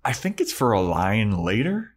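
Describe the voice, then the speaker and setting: A man's voice: lowish voice, moderate pace, breathy edge. A man co-hosting a podcast, recapping a TV episode in casual chat and acting out the characters' lines with energy. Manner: animated, acts out character lines in bursts. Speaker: podcast co-host.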